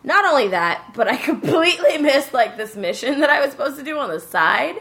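A woman casually telling a lively story about a video game, cursing and joking as she goes. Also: high voice, a little fast. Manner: animated storytelling, swearing, joking voices.

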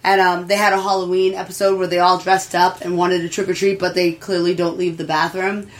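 Chatty woman retelling a show. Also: brisk. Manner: chatty, lively, acts out quotes in higher voices. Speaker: anime reviewer. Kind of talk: casual podcast chat.

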